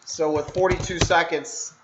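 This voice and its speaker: Excitable high-voiced fan calling a game. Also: male voice, measured pace. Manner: excitable, shouts at big plays. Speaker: fan streamer doing live play-by-play. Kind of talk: casual live game commentary. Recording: echoey, dull lo-fi room with background noise.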